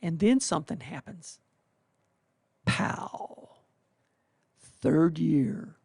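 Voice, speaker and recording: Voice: medium pitch, expressive, very slow, creaky, a little mellow, slightly rough, no room sound, studio quality. A residency faculty member giving a folksy, conversational welcome talk to new interns, now and then acting out the residents' thoughts. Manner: folksy and conversational, with colloquial exclamations; acts out residents' inner thoughts.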